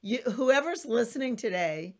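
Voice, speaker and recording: A woman's voice: a little high, lively intonation, unhurried. Effusive woman podcast host. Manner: effusive, emphatic, acts out quotes with a raised voice. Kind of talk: casual conversation.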